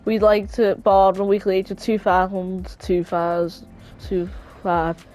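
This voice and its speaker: A woman's voice: mid-range voice, flat delivery, measured pace, a little mellow, soft background music, lightly acted, low-quality recording. A woman voicing stiff, formal football officials in a contract talk, in a weird put-on voice. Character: stiff formal club official and player agent.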